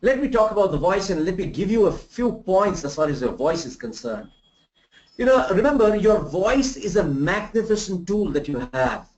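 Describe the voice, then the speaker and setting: A man from India teaches a remote class on soft skills, his voice high and lively as he poses rhetorical questions and acts out examples. The sound is roomy and dull, like a lo-fi recording in an echoing room. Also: moderate pace. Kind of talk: live remote lecture. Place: room in Bangalore.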